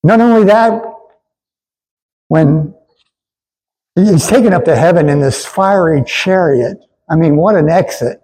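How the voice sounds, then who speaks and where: A man's voice: fairly high pitch, a little slow, long pauses, darkish tone, husky, rough recording. A man preaching a sermon in an earnest way, with stammered restarts, and he asks the congregation to repeat lines after him. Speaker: pastor.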